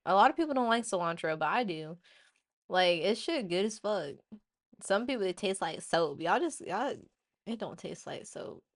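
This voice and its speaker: A woman hosting a casual opinion show, ranting in an animated, blunt way with plenty of swearing. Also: mid-range voice. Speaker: host.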